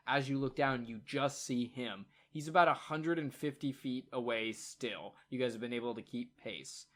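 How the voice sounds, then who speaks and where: A man narrating a tabletop game as game master, in a casual, halting way with many fillers. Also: fairly high pitch, fairly bright tone.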